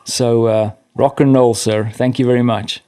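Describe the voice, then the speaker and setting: A man's voice: mid-range voice, level tone, moderate pace, mellow, clear, resonant tone. A man with a South African accent, a podcast guest talking in a casual, self-deprecating way with many restarts. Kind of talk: casual conversation.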